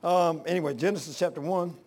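Older guy preaching casual, folksy stories, voice sits kinda high, yells out now and then. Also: quick pace, noisy background. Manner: folksy storytelling, bursts into loud exclamations. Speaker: pastor. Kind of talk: informal sermon.

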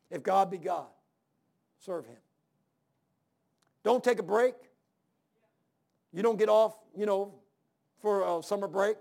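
A man in his sixties delivers a sermon in a high, gravelly voice with plenty of fry. He talks in a folksy way, leaning on "man" and "ain't." He hammers points home by repeating them and calling out amen and hallelujah. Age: 60s. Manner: emphatic, repeats phrases, calls amen and hallelujah. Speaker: preacher.

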